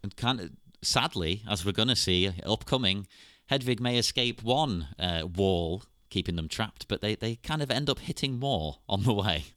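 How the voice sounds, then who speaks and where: Male podcast host, casual and animated, lively pitch, fairly low voice. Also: moderate pace, clean tone, no room sound, clean studio sound. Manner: animated, laughs often. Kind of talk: casual chat.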